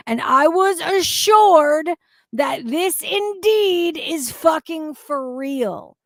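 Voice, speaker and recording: High-voiced woman, slow and emphatic, indignant profane commentary, dry close mic. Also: expressive, no echo. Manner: indignant, swears heavily, bursts into shouting and laughter. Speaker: commentary YouTuber reacting to clips.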